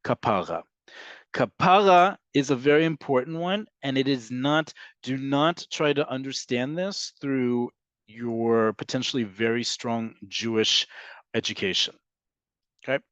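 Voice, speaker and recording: Casting: male teacher, mid-pitch, explanatory and chatty, lecturing over a video call with muffled, dry audio. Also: measured pace, a bit bright, clear, resonant tone, no room sound. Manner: explanatory, frequent ums and checks with "right?". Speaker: Hebrew teacher. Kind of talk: online class lecture.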